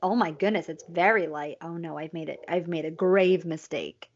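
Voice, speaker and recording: A woman's voice: fairly low pitch, normal speed. A woman co-hosting a casual beer review over a video call, playful and theatrical in how she talks. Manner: playful, theatrical, fond of mock-dramatic lines. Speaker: co-host of a beer review show. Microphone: video call setup. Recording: dull lo-fi video call audio.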